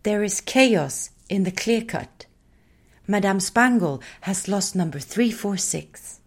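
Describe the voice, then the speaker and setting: A woman voicing a tall female creature made of long legs and a face, who reports in a steady, matter-of-fact way. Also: medium pitch, slow, breathy edge, exaggerated voice. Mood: urgent.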